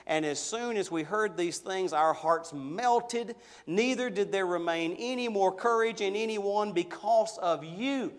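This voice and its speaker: Slow, high-voiced preaching man. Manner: emphatic, slows and swells on key words. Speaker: pastor. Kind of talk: sermon.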